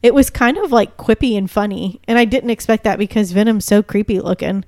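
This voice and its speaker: A woman in casual chat, chatty and animated, as a podcast co-host. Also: medium pitch, brisk, dry recording, clean studio sound. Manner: chatty, animated, laughs easily.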